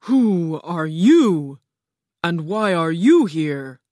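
A woman putting on a slow, imperious storybook queen. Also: lowish voice, sing-song, dark tone, no echo, exaggerated voice. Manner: slow, drawn-out, imperious delivery. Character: grand, commanding female ruler Oz, winged. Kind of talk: storybook reading.

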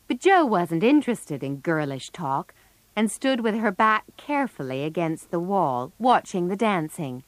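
A woman narrating a storybook audiobook in a clear, measured reading. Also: lowish voice, no room sound.

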